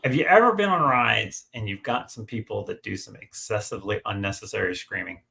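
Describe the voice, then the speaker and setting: A middle-aged man telling stories in a casual livestream chat. His voice is bright and gravelly. He talks animatedly and packs in plenty of fillers and restarts. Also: lowish voice, fairly quick. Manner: chatty, animated storyteller, many fillers and restarts. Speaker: guest on a livestream.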